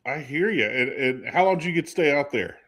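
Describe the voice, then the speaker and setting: A man hosting a casual talk show, chatting and asking his co-host questions in a lively way. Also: fairly high pitch, brisk. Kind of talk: casual chat.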